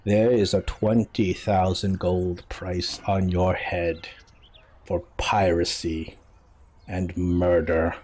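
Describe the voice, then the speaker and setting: Vengeful admiral, low slow menace, husky, a man puts him on. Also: level tone, a little mellow. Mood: menacing. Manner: low threatening growl, slow and deliberate.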